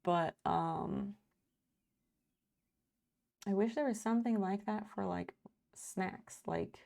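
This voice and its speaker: Woman in her thirties, live streamer, gravelly, dark-toned, rambling casual chat, swears freely. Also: medium pitch, takes it slowly. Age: 30s.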